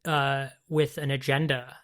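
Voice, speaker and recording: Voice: medium pitch, little pitch movement, a little slow, fairly bright tone. A podcast host retelling a story in casual conversation, hesitant, with many restarts.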